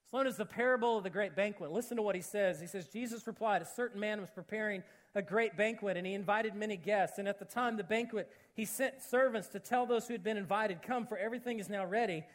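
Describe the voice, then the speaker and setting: A man preaching a sermon, telling a mission story with jokes and acted-out quotes, then turning earnest and quiet. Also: fast talker, hardly any pauses. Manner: animated, jokey, acts out quotes, shifts to low earnest tone. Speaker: pastor.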